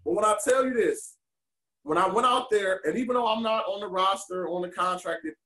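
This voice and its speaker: High-voiced man telling animated stories. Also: brisk, roomy sound, slight background noise. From Detroit, USA. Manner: animated, emotional storyteller. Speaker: podcast co-host and former pro wrestler. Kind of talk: candid storytelling interview.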